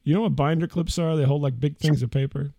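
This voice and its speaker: A man's voice: on the high side, steady tone, fast talker, vocal fry, mellow, no room sound. A middle-aged man hosting a podcast, telling a rambling, profane story in a casual way. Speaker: podcast host.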